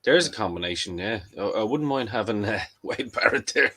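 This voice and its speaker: Bloke, lowish voice, rambling storyteller on a wrestling podcast, keeps restarting. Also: male voice, animated, brisk, bright, forceful tone. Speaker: podcast co-host. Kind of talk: casual wrestling chat.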